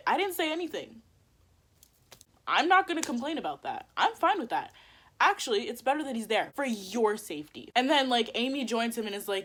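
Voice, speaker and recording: A woman's voice: a little high, expressive, normal speed, a bit bright. A young adult woman telling a story in a casual vlog, chatty and emphatic, saying "like" constantly. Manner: chatty, emphatic, heavy use of "like". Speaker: vlogger.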